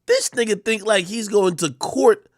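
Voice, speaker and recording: A man's voice: high voice, unhurried, dry recording, studio quality. A man hosting a live stream, making sarcastic, mocking commentary on clips he plays. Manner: sarcastic, mocking, animated reactions. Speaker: streamer host.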